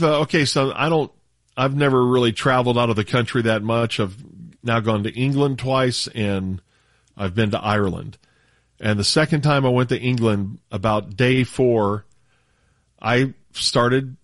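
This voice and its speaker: A man from the United States, a radio show regular, chatting casually on air in a laid-back, halting way with frequent laughs. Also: mid-range voice, a bit bright, no room sound, studio quality.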